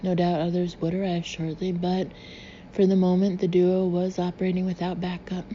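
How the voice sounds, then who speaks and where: A woman narrating an audiobook in an even, measured reading. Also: on the low side. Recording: slightly dull recording with faint hiss.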